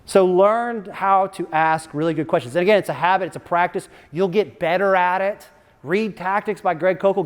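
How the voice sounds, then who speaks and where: A man's voice: on the high side, long reverb tail. A man speaking as a guest lecturer to a campus audience, in a casual, chatty storytelling way. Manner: casual, chatty, laughs at his own stories.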